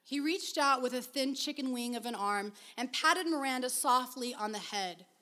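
A woman with a high voice reading a story aloud. Her delivery is measured and expressive, and she takes her time over the narration. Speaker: reader.

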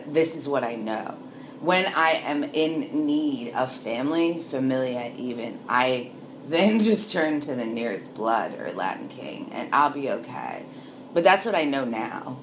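A woman's voice: a bass voice, expressive, unhurried, noisy background. A woman in her late thirties talking in a loose, meandering monologue, laughing often and trailing off. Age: 30s. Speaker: monologue speaker. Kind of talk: rambling casual monologue.

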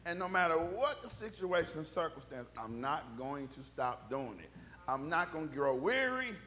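A pastor talks his sermon through like a chat with his congregation, teasing them and getting loud when a story turns funny. His voice sits high and bright and swings around a lot. He is a man with an easy, folksy way of talking. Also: sing-song, moderate pace, slight background noise. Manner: jokes and raises his voice when telling funny stories. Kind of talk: conversational sermon. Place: church service.

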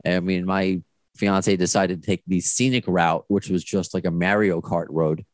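Low-voiced man rambling on a podcast. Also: moderate pace, dry recording. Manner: rambling, self-correcting, animated storyteller. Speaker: podcast host. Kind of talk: casual fan chat.

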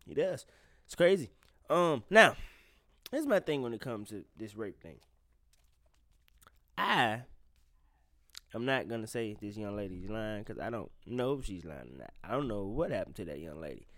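A man's voice: fairly low pitch, big pitch swings, moderate pace, long pauses, fairly bright tone, no echo, studio quality. Blunt, profane male podcast host. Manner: blunt and profane, talks straight to listeners. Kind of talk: casual podcast chat.

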